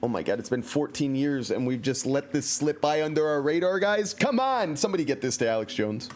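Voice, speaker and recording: Animated joking man streaming a game. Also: mid-range voice, a little fast, a little hiss or hum. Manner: joking, animated, reads chat aloud. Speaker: streamer playing a story game. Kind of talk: casual gameplay commentary. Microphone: computer mic.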